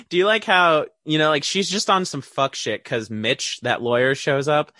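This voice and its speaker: Bright, playful man in a dry room. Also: a little high, big pitch swings, moderate pace, no room sound. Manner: playful, mimics characters for laughs. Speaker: podcast co-host. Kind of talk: casual film discussion chat.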